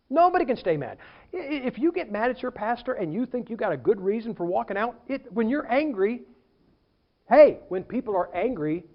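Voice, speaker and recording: Male pastor, high voice, lively storytelling sermon, muffled dull recording. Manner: animated storytelling preacher, acts out quotes.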